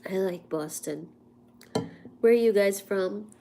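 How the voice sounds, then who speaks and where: Casting: congested woman with a cold, unhurried, chatty livestream host, faint hum behind. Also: medium pitch, creaky, warm tone. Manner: chatty, laughs at herself, coughs between lines. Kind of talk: casual livestream chat.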